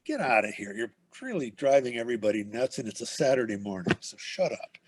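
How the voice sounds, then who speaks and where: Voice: mid-range voice, lively intonation, a little fast, husky, no echo. A man voicing a fed-up brown bear that bluntly scolds a barking dog. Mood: exasperated.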